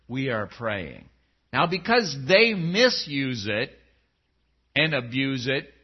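Animated man preaching a sermon. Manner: animated, swings between loud pleading and low quiet tones. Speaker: pastor. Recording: dull lo-fi sound.

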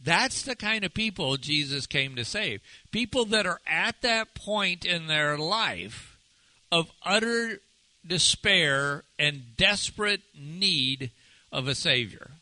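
A male pastor delivering a sermon in a very bright, forward voice that rings clearly. He talks slowly and keeps putting questions to the congregation, easing into a hushed, drawn-out delivery on the words that matter most. The sound is close and dry. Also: on the high side, animated, dry recording, poor audio. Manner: asks the audience many rhetorical questions.

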